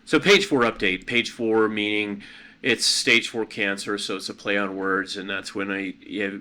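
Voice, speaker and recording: Middle-aged male podcast host, casual and hesitant; lowish, bright tone. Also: steady tone, normal speed. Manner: rambling, hesitant, frequent ums.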